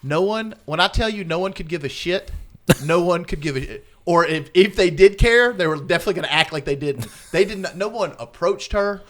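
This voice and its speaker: Brief: podcast regular, man, slightly high voice, salty storyteller who mimics the people in his stories. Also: expressive, a little fast, a bit bright. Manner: profane storyteller who acts out quotes. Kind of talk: casual chat.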